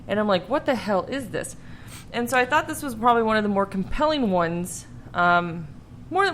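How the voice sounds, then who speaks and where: A woman's voice: fairly low pitch, a bit bright, a little hiss or hum. A woman hosting a podcast in casual chat, laughing often and swearing freely. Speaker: podcast host.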